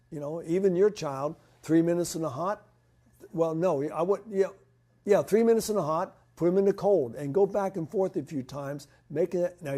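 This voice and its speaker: Man answering health questions, mellow tone. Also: on the high side, slightly rough. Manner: practical, rambling with restarts. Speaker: health lecturer.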